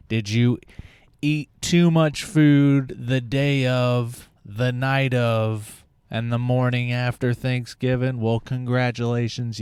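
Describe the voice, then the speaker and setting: A male podcast host who talks slowly through a sarcastic, rambling comedic monologue. His voice is smooth and clear, recorded close on a mic in a dry space with no room sound. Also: medium pitch, dry recording. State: out of breath.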